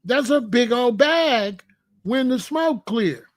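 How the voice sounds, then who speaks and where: A man's voice: very high-pitched, animated, slow. A man hosting his own commentary channel, joking and bragging in a casual, streetwise rant.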